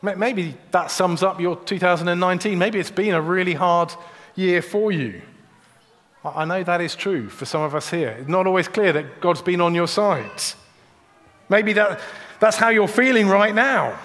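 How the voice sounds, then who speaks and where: Earnest high-voiced male preacher. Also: moderate pace, fairly bright tone. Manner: earnest, repeats words when starting sentences. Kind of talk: sermon. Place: church. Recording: long church reverb.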